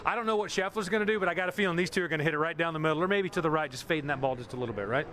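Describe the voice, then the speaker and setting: Upbeat man interviewing outdoors, quick talk. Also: a little high, crowd noise. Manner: upbeat, chatty, laughs often. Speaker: golf reporter live at a tournament. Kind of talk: live field interview and report. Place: outdoors at a golf course.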